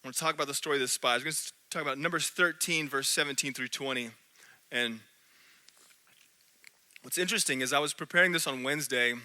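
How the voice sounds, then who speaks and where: A man preaching a sermon in a church, animated, swinging between loud and hushed. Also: mid-range voice, quick pace, pauses often. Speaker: pastor.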